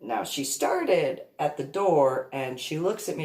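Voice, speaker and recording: A woman's voice: low voice, expressive, unhurried, darkish tone. A woman vlogger telling a story in a chatty way, often laughing between lines. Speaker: reverend and vlogger. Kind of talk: casual storytelling monologue. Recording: echoey room.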